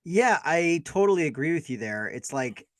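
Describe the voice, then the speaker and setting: A man's voice: a little high, sing-song, moderate pace, no echo, studio quality. A man co-hosting a podcast, chatting casually about a film in a rambling, hedging way. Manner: rambling, hedging, self-deprecating. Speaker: podcast co-host.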